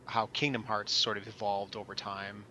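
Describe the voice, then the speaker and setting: A man's voice: on the low side, flat delivery, normal speed, bright, forceful tone, slight background noise, rough recording. A man co-hosting a podcast, chatting casually with offhand, jokey asides. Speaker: podcast co-host. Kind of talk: casual chat.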